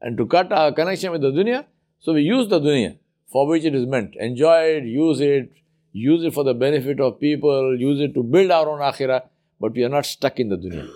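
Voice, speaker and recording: A man's voice: medium pitch, lively intonation, fairly quick, warm tone. Man preaching with emphatic repetition. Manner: emphatic, repeats words for effect. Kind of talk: sermon storytelling.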